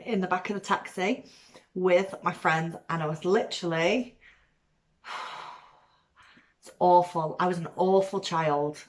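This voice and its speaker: Chatty Mancunian woman vlogger, lowish voice. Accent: weakened Mancunian, softened by years in Cornwall. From Manchester, England. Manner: chatty and rambling, with frequent ums and laughs. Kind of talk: casual chat to camera.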